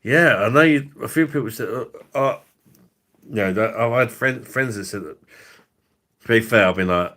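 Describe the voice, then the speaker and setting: A man's voice: mid-range voice, moderate pace, long pauses, a bit bright. A man, hosting a drinks review livestream in a rambling, profane, laughing way. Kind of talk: casual livestream chat.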